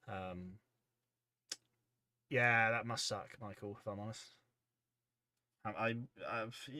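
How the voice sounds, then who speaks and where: Guy rambling on a stream, lowish voice, dry close mic. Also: pushed and bright, no echo. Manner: rambling and easygoing, reading chat aloud. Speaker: livestream host. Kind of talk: casual livestream chat.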